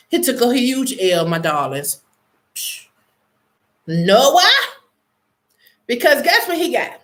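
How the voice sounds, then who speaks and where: A woman's voice: a little high, big pitch swings, a bit bright. A woman from the United States, hosting her own online show and chatting casually about news, playful and laughing, drawing her words out for effect. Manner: playful, laughing, drawn-out dramatic delivery.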